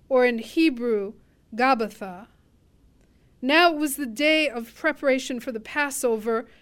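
A woman reads a scripture passage aloud, slow and measured. Her voice sits high, and she lets each phrase settle before moving on. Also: clear, resonant tone. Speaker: scripture reader. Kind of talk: scripture reading.

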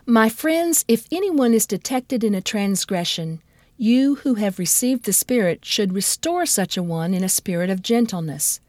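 Woman lector, steady and formal, mid-pitched, dry close sound. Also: normal speed, dry recording. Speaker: scripture reader. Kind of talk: liturgical scripture reading.

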